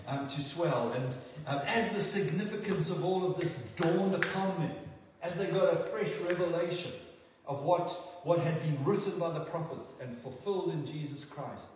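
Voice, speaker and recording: A man preaching a sermon in an earnest, halting way, often repeating words as he goes. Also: a little high, darkish tone, a little hiss or hum. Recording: echoey hall, far from the mic.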